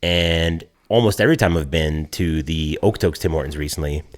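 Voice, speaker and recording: A man's voice: very deep voice, a little fast. A man co-hosting a casual podcast, telling stories in a profane, ranting way. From Canada. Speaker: podcast co-host.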